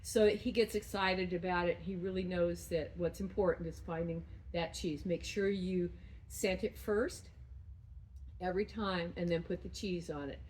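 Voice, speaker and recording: A woman dog trainer coaching a student through footwork and play, breaking into high, excited praise when she plays with the dog. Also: normal speed, slight background noise, low-quality recording. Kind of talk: remote training lesson.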